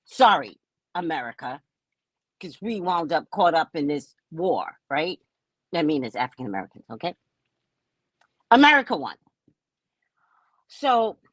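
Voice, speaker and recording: A woman hosting a casual live stream, chatting with viewers by name in a lively, talkative way. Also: lowish voice, no room sound. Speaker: psychic live-stream host.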